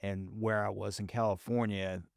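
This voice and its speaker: Man, faint southern accent, low smooth voice, podcast host, easygoing anecdotes. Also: flat delivery, normal speed, no room sound, clean studio sound. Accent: faint Southern American. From Southern United States. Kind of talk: casual podcast conversation.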